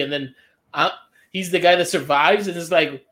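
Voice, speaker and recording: A man with a fairly high voice chatting on a podcast. He breaks into laughter and acts out characters' lines as he retells a story. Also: steady tone, brisk, fairly bright tone. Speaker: podcast co-host. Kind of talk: casual podcast chat.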